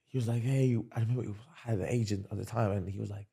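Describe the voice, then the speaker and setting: A man's voice: fairly low pitch, quick pace, gravelly, husky. Laid-back man in casual sports chat. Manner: animated, repeats himself, restarts sentences. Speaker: podcast host, former basketball player.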